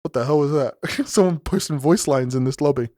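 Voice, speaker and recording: A young man, casting a live esports match solo, racing through rapid play-by-play that builds to shouting at big fights, with chatty asides to his stream chat. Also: fairly high pitch, no echo, studio quality. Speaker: esports caster. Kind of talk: solo live game commentary.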